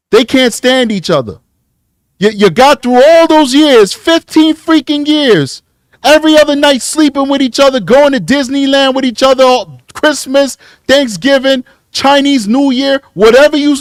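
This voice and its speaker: Impassioned high-voiced male commentator. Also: clean tone, no room sound, clean studio sound. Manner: preachy, emphatic, repeats words. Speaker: true crime commentator host.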